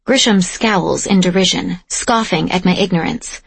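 A woman giving steady, measured first-person audiobook narration, close to the mic. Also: lowish voice, vocal fry, breathy edge, no echo.

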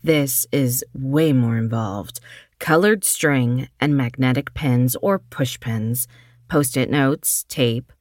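A woman voicing a quiet, methodical young woman who lists things matter-of-factly. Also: extremely low pitch, takes it slowly, dry recording, clean studio sound.

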